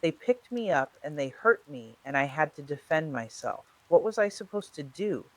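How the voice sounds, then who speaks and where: A desperate woman on a phone call, pleading one moment and defensive the next, as a storyteller puts her on. Her lines come at a middling pitch. The delivery stays close to the storyteller's own reading voice. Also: expressive, moderate pace, a bit bright, dry recording, close to an everyday voice. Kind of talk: true-crime storytelling.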